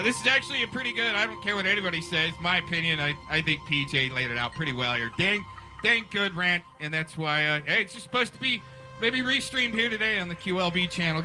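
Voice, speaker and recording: A man's voice: high voice, sharp tone, poor audio. Rambling man hosting a stream. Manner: rambling, conspiratorial, talks over the clip. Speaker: stream host. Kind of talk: casual commentary on a restreamed clip.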